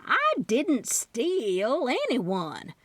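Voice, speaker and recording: A woman narrator voicing a sharp-tongued older Southern aunt who teases bluntly, read in a dry studio. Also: on the high side, very animated, a little slow, no echo, voice pushed up, exaggerated voice. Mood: sassy. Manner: teasing, blunt.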